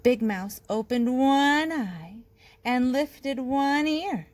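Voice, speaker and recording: Teacher lady reading a kids book, slow and bouncy, faint room hum. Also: high-pitched, low-quality recording. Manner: slow, expressive storytelling. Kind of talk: reading a picture book aloud.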